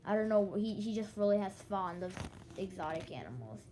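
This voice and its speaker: A woman's voice: medium pitch, sing-song, fairly quick, background noise. Sleepy young woman rambling casually. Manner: rambling, restarts, quotes others in dialogue. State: yawning, sleepy. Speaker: vlogger.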